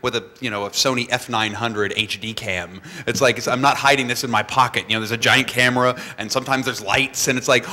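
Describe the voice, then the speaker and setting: Brief: male filmmaker guest, bright tone, lively raconteur on stage. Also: medium pitch, brisk, few pauses. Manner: animated storyteller, acts out voices, laughs often. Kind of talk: live stage conversation. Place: stage before a live audience.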